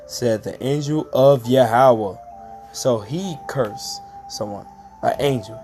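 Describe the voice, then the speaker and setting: Man, informal scripture teaching, very slow delivery, slangy asides, faint music behind. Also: medium pitch. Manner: slangy, drawn-out emphatic delivery, frequent asides. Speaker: street preacher.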